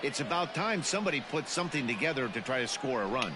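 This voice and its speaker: A man as a measured baseball color analyst. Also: medium pitch, big pitch swings, heavy background noise, lightly acted. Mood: analytical. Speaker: color commentator.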